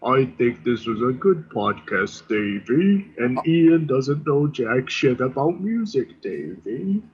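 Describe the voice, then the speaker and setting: A man voicing a blunt male cartoon talking dog who speaks slowly. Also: medium pitch, sing-song, darkish tone, muffled recording, voice pushed down. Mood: mocking.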